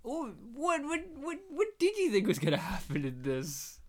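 A man hosting a casual movie commentary chat, jokey and animated, often jumping into high mocking voices. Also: moderate pace. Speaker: podcast host leading a movie commentary.

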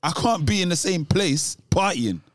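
A man's voice: sits high, lively intonation, normal speed, no echo, clean studio sound. A man chatting casually as a co-host, rambling off on tangents with lots of restarts and street slang. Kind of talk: casual chat.

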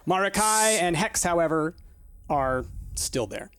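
Casual game master, slightly high voice. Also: male voice, animated, measured pace, a bit bright, clean tone, no echo. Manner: casual, hesitant, many fillers. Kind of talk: narrating a tabletop game.

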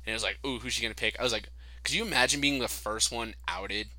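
A man's voice: mid-range voice, fast talker, bright, forceful tone, dry recording, rough recording. A young man in casual chat, telling profane stories and acting out the quotes. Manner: profane storytelling, acts out quotes.

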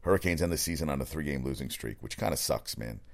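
A man giving a casual, rambling sports rant, excitable and profane, often correcting himself. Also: very deep voice, fast. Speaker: sports commentator.

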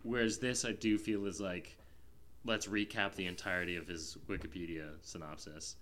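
Speaking low and at a moderate pace, this man has fairly even intonation and a fairly bright tone, with slight background noise behind him. He's a film podcast co-host and reviewer, casually chatting and rambling with lots of fillers.

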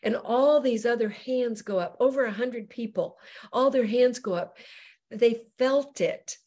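A middle-aged woman evangelist, here as a show guest, speaks a little slowly in a fairly high-pitched voice. She tells her personal testimony in an animated way, playing out the voices she quotes.

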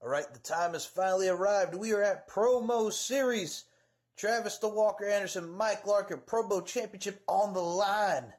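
A man's voice: high-pitched, normal speed. A man cutting a crude, mocking wrestling trash-talk promo.

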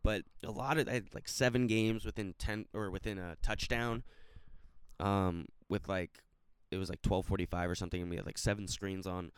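A young man hosting a solo sports podcast, ranting and swearing, at times rising to near-shouts, then settling into calmer recap talk. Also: sits low, normal speed, a little hiss or hum. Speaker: podcast host.

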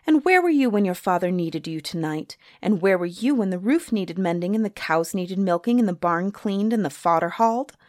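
A woman voicing a strong-minded young village woman in a storybook, scolding with sharp retorts. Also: medium pitch, wildly swooping pitch, normal speed, no room sound, clean studio sound. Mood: indignant.

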